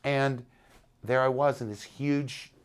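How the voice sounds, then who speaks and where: Man, mid-pitched voice, storytelling, animated, acts out quotes. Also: takes it slowly, clear, resonant tone. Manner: animated anecdote-telling, acting out quoted voices. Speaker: interviewed musician. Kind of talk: storytelling in an interview.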